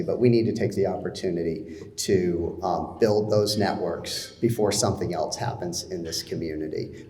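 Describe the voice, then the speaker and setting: Lower-voiced male former mayor, earnest speaker at a public event. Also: dark tone. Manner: earnest, with restarts. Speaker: former mayor giving a speech. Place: event room with an audience.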